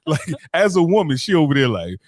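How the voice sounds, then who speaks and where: Animated man telling stories, dry sound. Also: fairly high pitch, brisk, dry recording. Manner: animated, acts out quoted voices. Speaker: podcast co-host. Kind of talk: casual chat.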